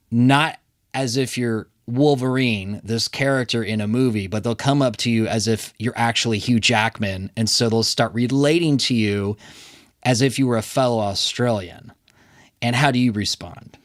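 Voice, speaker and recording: A man hosting a podcast in a recording studio, chatty and lively as he talks with his guest. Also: medium pitch, normal speed. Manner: chatty, animated, laughs easily. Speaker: podcast host. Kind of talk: casual interview chat.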